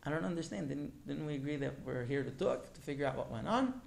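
A man's voice: a little high, expressive, quick pace, creaky, a little mellow. A man voicing an exasperated, bewildered young husband who keeps getting woken at night and pleads to understand why. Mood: earnest. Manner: pleading, rising with disbelief.

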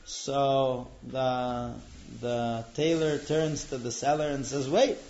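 A man telling a traditional religious tale in a relaxed way, pausing on fillers. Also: mid-range voice. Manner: relaxed, with frequent fillers and restarts. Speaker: storyteller. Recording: dull lo-fi recording.

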